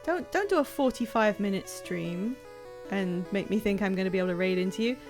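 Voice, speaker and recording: A woman chatting casually on a live stream while playing a game, excitable and self-deprecating, rambling from one thought to the next. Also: mid-range voice, a little fast, music in the background. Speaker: livestreamer playing a video game.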